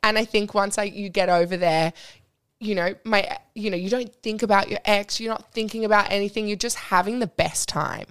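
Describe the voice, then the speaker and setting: A young woman in casual chat, gushing through her stories with giggles and plenty of "like." Her pitch sits right in the middle for a woman. She talks as a bubbly guest among friends. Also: fairly even intonation, moderate pace, fairly bright tone, clean tone. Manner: bubbly, giggly storytelling, full of "like". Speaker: podcast guest.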